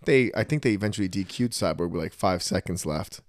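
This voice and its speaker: A middle-aged man co-hosting a podcast, telling blunt, animated stories with swearing in casual chat. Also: low voice, brisk, dry recording, studio quality. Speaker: podcast co-host.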